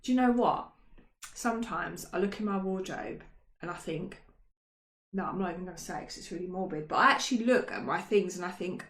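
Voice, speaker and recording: A woman's voice: mid-range voice, expressive, normal speed, pauses often. A woman co-hosting a casual history chat, chatty and self-mocking, with frequent ums. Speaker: podcast co-host. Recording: roomy echo.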